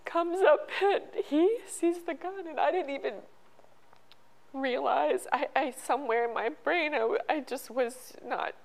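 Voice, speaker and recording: A middle-aged woman telling a personal story as an interview guest, halting and emotional, with many restarts. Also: sits high, creaky, low-quality recording. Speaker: podcast guest.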